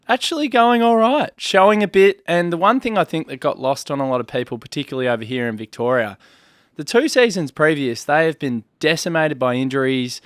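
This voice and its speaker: A man with an Australian accent hosting a casual podcast chat, introducing a guest with quick banter. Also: medium pitch, a bit bright, no echo, studio quality. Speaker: podcast host.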